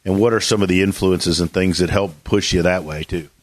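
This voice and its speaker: A man's voice: deep voice, fairly even intonation, fairly quick, no room sound. A man hosting a casual golf coaching interview, rambling with many restarts and fillers. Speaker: golf coach and podcast host.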